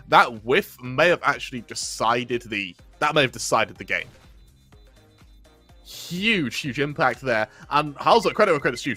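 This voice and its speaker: A man co-casting a live esports match, giving quick analysis and laughing easily with his partner. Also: fairly high pitch, pushed and bright. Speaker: esports caster.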